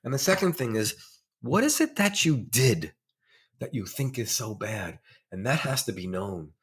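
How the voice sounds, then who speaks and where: An earnest middle-aged man at an ordinary middle pitch, talking through his ideas as a therapist guest in a relaxed interview. He leans into key words, slowing down or rushing ahead for emphasis, and keeps reaching for concrete examples. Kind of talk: conversational interview.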